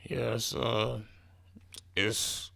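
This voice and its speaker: Chill podcast guy, gravelly low voice, dry mic, kinda trails off. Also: level tone, very slow, pushed and bright, no room sound. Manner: laid-back, trails off, laughs easily. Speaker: podcast co-host. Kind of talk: casual chat.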